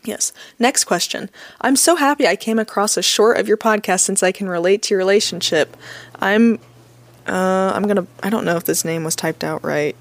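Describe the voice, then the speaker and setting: Co-hosting a podcast, a young woman reads out questions from listeners and responds with sincere, encouraging advice in an easygoing way. Her voice is medium-pitched at a normal speed, and the recording has no echo.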